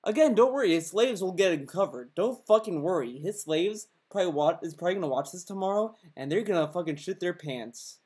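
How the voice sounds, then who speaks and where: A man's voice: sits high, animated, fairly quick, few pauses, a little mellow, slightly rough. A man giving angry, sarcastic commentary over a video, swearing constantly and mocking the person in it.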